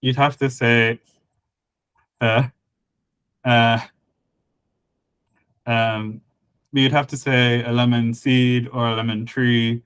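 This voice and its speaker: Slow, halting man explaining linguistics. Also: medium pitch, level tone, a bit bright, smooth, no room sound, rough recording. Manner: halting, many fillers, explains patiently. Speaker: conlang creator guest and co-host. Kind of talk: casual podcast chat about linguistics.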